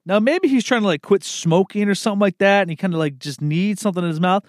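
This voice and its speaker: A relaxed man rambles on in a loose monologue, cursing easily and tossing in "man" and "dude" everywhere. His voice sits a bit high for a guy. The recording is dry and close, with no room sound. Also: quick pace, no room sound. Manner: laid-back, swears freely, says "man" and "dude" a lot; chuckles at his own slips.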